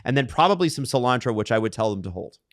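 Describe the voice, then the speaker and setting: A Canadian man co-hosting a casual sports podcast, telling animated stories and laughing often. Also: mid-range voice, quick pace. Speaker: podcast co-host.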